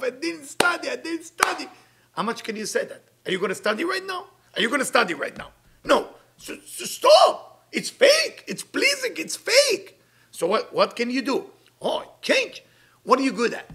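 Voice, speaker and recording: A middle-aged man giving an inspirational weekly sermon as a spiritual teacher, emphatic and animated, swinging between loud bursts and soft asides. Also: sits high, creaky, breathy edge.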